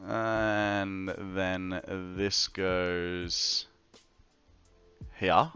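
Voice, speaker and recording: A man streaming a building game, chatting casually and slowly to his viewers while he works. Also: lowish voice, sharp tone, clean tone, lo-fi sound, faint music behind. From Australia. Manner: slow, laid-back, talks to chat while working.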